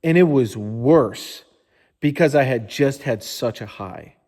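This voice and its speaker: A man's voice: medium pitch, expressive, slow, a little mellow, in a large hall. A man in a casual motivational storytelling style, candid and informal, who swears often and says "like" a lot. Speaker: motivational speaker.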